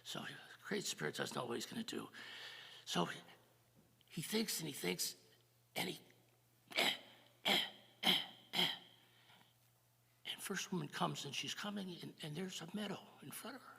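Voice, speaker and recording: An older man hosting a live church jazz service, announcing events and telling a folk story in a folksy, halting way. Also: fairly high pitch, lively intonation, creaky, bright, forceful tone, husky. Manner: folksy, halting, with fillers and repeats. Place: church sanctuary. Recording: live church broadcast with long reverb.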